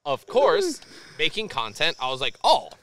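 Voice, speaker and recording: A man guesting on a beer podcast, telling animated stories and swearing freely. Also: a little high, normal speed, no echo. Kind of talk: casual chat over beers.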